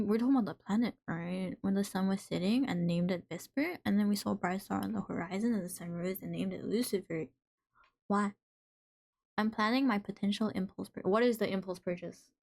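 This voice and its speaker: Medium-pitched and darkish in tone, this livestream host chats casually with her audience. She reads out what viewers send and responds playfully.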